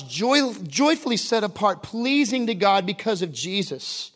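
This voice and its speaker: A man's voice: sits high, big pitch swings, moderate pace, few pauses, a bit bright. A man preaching a sermon to a congregation from a stage, passionate and emphatic, repeating phrases and at times half-singing his lines.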